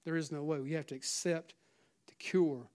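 A middle-aged man with a South Carolina Southern accent preaching a sermon as pastor, swinging between loud urging and hushed, near-whispered lines and often repeating "listen.". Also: fairly high pitch, steady tone, normal speed.

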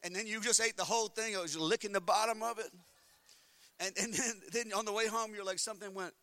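A pastor with a high-pitched, smooth voice and fairly even intonation preaches at a quick pace. He moves between quiet talk and shouting, telling funny stories with acted-out inner voices.

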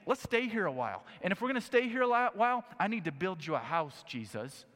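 A man's voice: sits high, big pitch swings, quick pace, fairly bright tone. Casting: a brash male disciple bragging to his friend, slangy and eager, as a man puts him on, reverb-heavy hall. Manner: casual slangy bravado. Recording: echoey hall with long reverb.

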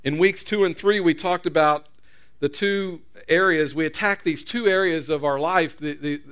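High-voiced male pastor preaching. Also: moderate pace, fairly bright tone, smooth. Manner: conversational storytelling with repeated restarts. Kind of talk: sermon.

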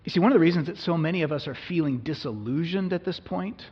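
A man's voice: on the high side, fast talker, breathy edge. A male pastor preaching a sermon in a conversational way, often asking his listeners questions. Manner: conversational, asks the congregation questions. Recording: echoey hall, dull lo-fi sound.

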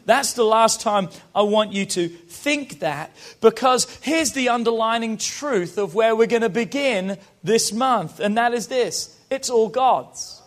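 High-voiced British pastor preaching. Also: male voice, lively intonation, measured pace, few pauses. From Britain. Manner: rousing, calls the congregation to repeat after him. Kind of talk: sermon.

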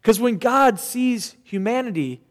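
A man's voice: extremely high pitch, lively intonation, measured pace, big-room sound. A man preaching a sermon as pastor, earnest and conversational with casual asides, in a church sanctuary.

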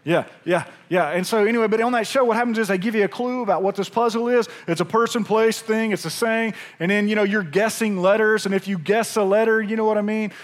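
High-voiced pastor telling a lively story. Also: male voice, fast, hardly any pauses. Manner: conversational, animated storytelling with frequent asides to the congregation. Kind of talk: sermon with storytelling. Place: church sanctuary.

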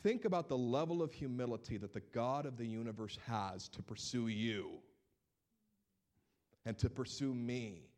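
Preaching in a mid-range voice, a male pastor tells stories with animation during his sermon, building each point through repeated words.

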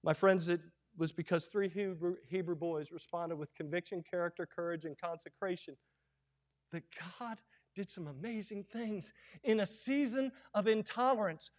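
High-voiced impassioned male pastor. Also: fairly even intonation, normal speed. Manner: impassioned preaching, swings from hushed to loud. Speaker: Baptist pastor. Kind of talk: sermon.

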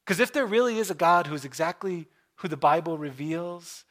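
A pastor preaching a sermon in a church, earnest, dropping into hushed pauses for effect. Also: male voice, a little high, animated. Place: church room.

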